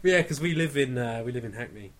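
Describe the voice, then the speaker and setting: A man's voice: medium pitch, animated, fast talker. A man co-hosting a podcast, chatting casually with sarcastic, sweary banter. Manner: sweary, sarcastic, breaks into mock rants. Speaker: podcast co-host.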